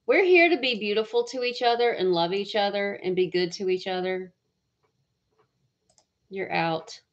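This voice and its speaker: Woman hosting her live stream, chatty, mid-pitched, muffled lo-fi sound. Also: moderate pace. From southern United States. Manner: chatty, greets viewers by name with bright bursts. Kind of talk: casual live stream chat. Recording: dull lo-fi stream audio.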